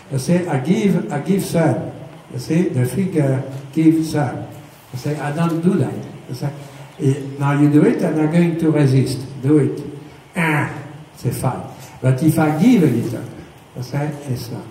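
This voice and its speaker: A riding instructor with a medium-pitched, dark voice speaks a little slowly, explaining the lesson step by step with patience and checking for understanding as he goes. The mic is distant, and the audio is echoey with faint noise.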